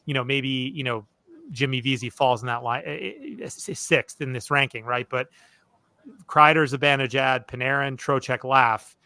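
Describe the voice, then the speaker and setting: Bright-voiced male podcast host. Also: mid-range voice, steady tone, moderate pace, no echo. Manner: loose and conversational, leaning on fillers like "look" and "you know". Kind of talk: casual sports podcast chat.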